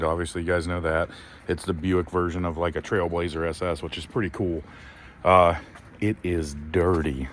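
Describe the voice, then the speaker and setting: A man's voice: low voice, a bit bright, a little hiss or hum. A man from Ohio hosting a car vlog, chatting casually and joking, laughing often and swearing freely. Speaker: channel host, car builder. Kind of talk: casual chat to camera. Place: outdoor car lot.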